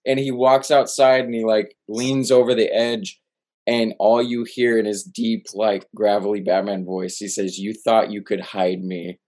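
Casual co-host, male, low voice, gushes and restarts a lot. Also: a little slow. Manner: excitable, gushing, trails off and restarts. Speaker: podcast co-host. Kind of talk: casual chat.

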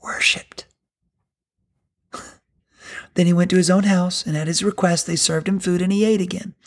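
A man's voice: high voice, fairly even intonation, fast, a little mellow. A middle-aged male pastor preaching a sermon in an earnest, conversational way.

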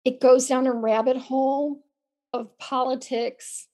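Her high-pitched voice is warm, level and unhurried, though it's getting worn as she loses her voice. As a podcast co-host, she speaks earnestly in a casual manner, frequently starting over and repeating words.

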